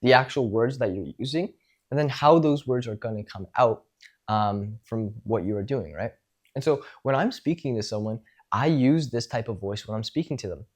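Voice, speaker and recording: A man's voice: medium pitch, moderate pace. A man teaching social skills in a casual spoken lecture, talking things through and demonstrating tones of voice.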